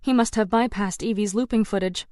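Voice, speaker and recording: A woman's voice: medium pitch, brisk, darkish tone, dry recording, studio quality. A woman narrating a first-person audiobook in a tense, dramatic storytelling manner.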